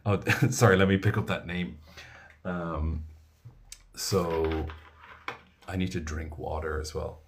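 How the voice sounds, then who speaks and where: A man's voice: deep voice, fairly even intonation, slow pace, pauses often, slight background noise. An Irish man, an audiobook narrator, chatting casually on a live stream, rambling and reading viewers' comments aloud.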